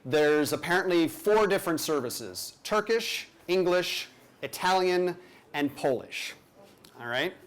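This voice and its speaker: A man's voice: on the high side, lively intonation, unhurried. Man telling a playful story live. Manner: conversational, self-deprecating, playful asides.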